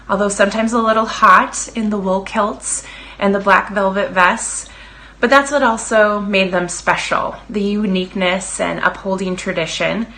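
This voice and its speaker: A woman's voice: mid-range voice, sharp tone. A woman in her thirties from Minnesota, a former pageant winner giving a reflective recorded greeting.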